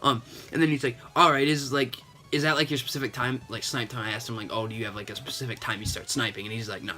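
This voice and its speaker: A man's voice: mid-range voice, fairly even intonation, fast, pushed and bright. A young man, a gaming YouTuber, casually and sarcastically retelling a chat with a scammer, slightly sick and sniffling. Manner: chatty, retelling a chat with lots of "and he's like". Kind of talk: casual gaming vlog commentary.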